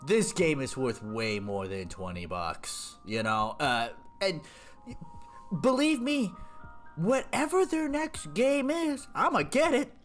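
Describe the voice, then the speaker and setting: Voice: mid-range voice, very animated, takes it slowly, soft background music. A streamer chatting casually about a video game, rambling with lots of fillers and restarts.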